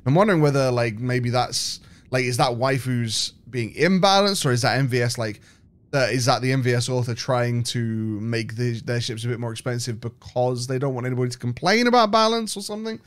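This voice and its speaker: Here a British game streamer talks a little fast at a medium pitch. His let's-play commentary is casual, full of thinking aloud, rambling and restarting.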